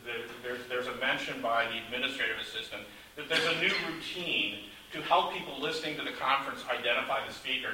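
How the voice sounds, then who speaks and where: A man talks over writing tricks in a rambling, self-deprecating way, often restarting his sentences. His voice is very bright and edgy. He sounds far from the mic in a very echoey room with a faint hiss behind him. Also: mid-range voice. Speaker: author. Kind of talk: casual panel chat.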